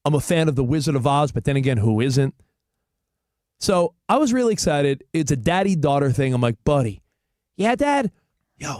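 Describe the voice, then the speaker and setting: A man's voice: fairly high pitch, no echo, clean studio sound. A middle-aged man co-hosting a sports radio show, chatting casually and acting out quotes as he tells a story. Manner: animated storyteller, acts out quotes. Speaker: co-host.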